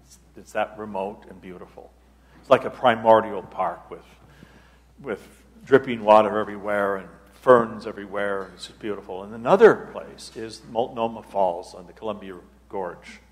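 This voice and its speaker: A man, an abbot, telling a personal story at a retreat talk in an unhurried, halting way, often restarting his phrases. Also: on the low side. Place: church hall. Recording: long reverb of a large hall.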